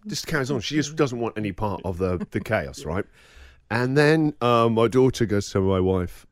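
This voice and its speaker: A man's voice: mid-range voice, moderate pace. A man hosting a radio breakfast show, telling a story in casual chat and acting out the people in it. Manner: animated, laughing storyteller acting out quotes.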